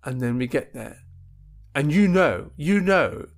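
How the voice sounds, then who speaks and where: A man riffs through a casual comic monologue, chatty and quick to laugh at his own jokes. His voice sits a touch high for a man, and he slips into little acted snippets of dialogue. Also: animated.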